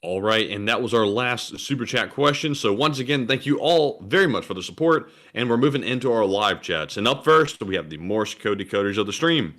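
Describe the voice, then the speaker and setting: A man co-hosting a livestream, reading out viewer messages in a plain, steady way. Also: on the low side, brisk, few pauses. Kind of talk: livestream casual chat.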